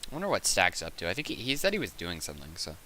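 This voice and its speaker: Bright-voiced Southern streamer, rambling and chatty. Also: male voice, low-pitched, huge pitch swings, rapid-fire, a little hiss or hum. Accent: Southern American. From Southern United States. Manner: rambling, chatty, laughs often. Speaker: game streamer. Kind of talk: casual live-stream chat.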